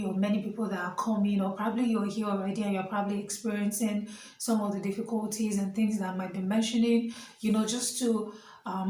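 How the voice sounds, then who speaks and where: A woman's voice: medium pitch, darkish tone, echoey room, far from the mic, poor audio. A young Nigerian woman vlogging to camera while standing, chatty and earnest, with many fillers and asides. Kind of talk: casual vlog talk to camera.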